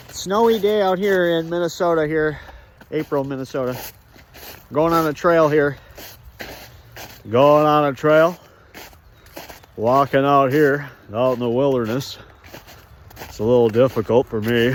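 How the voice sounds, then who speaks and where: A man with a fairly high voice talks as he walks a snowy outdoor trail, recorded on a handheld phone. He rambles from one joke to the next in a loose walk-and-talk monologue and chuckles to himself. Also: a little hiss or hum. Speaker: vlogger.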